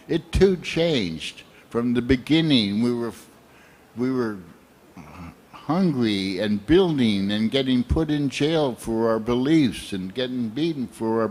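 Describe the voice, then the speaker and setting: A man in his seventies from the United States, giving a slow, earnest and heartfelt sermon full of personal anecdotes. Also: mid-range voice. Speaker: guest speaker at a temple program.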